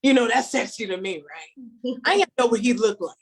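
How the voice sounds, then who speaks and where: Brief: woman stand-up comic from Chicago, fairly high voice, lively storyteller, laughs through her own lines. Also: moderate pace. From Chicago, USA. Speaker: stand-up comedian. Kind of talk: stand-up comedy set.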